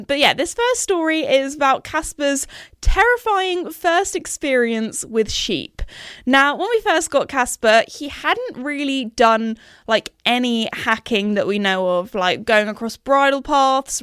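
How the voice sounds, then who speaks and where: A woman's voice: on the high side, fairly bright tone, smooth, dry recording, studio quality. A woman in her twenties hosting a podcast, telling rambling stories in casual, chatty talk. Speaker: podcast host. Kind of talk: casual chat.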